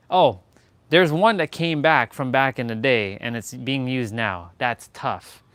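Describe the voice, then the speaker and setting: A young man talks slowly while he works out, rambling and cracking jokes, sometimes short of breath between sets. His pitch sits in an average range. He swears now and then and repeats phrases for effect. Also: a bit bright, no echo. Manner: loose, joking, swears, repeats himself. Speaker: fitness vlogger. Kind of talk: casual chat while working out.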